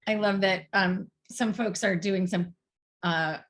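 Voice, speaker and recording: A woman moderates an online workshop and reads the audience's questions aloud. Her voice sits in a middle register. She pauses often and fills the gaps with "um". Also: mid-range voice, fairly even intonation. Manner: hesitant, many "um"s, laughs lightly. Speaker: session moderator.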